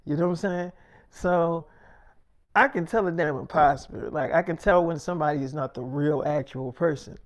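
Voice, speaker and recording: A man's voice: fairly high pitch, moderate pace. A man telling a personal story in a casual, rambling, profane way, boasting as he goes.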